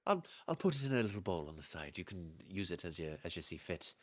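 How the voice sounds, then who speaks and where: A man voicing a brisk, chatty female waitress who explains everything politely and at length. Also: deep voice, very animated, a bit bright, heavily acted.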